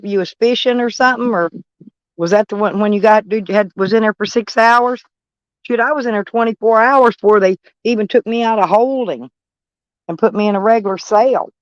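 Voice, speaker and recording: A woman's voice: mid-range voice, normal speed, clean tone, no room sound, lo-fi sound. A woman chatting with viewers on a livestream, blunt and swearing freely, calling people honey. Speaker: livestream host. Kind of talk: casual livestream chat with viewers.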